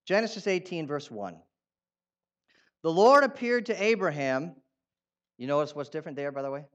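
A man preaching a sermon in a conversational way, asking his listeners questions and turning animated when he reads out quotes. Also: on the high side, moderate pace, lo-fi sound. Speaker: pastor.

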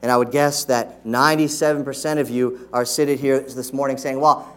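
A man's voice: mid-range voice, level tone, moderate pace, fairly bright tone, clear, resonant tone. A middle-aged man preaching a sermon in a church, talking with his congregation through rhetorical questions and now and then acting out scolding voices. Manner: acts out scolding voices to make a point. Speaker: pastor. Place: church sanctuary.

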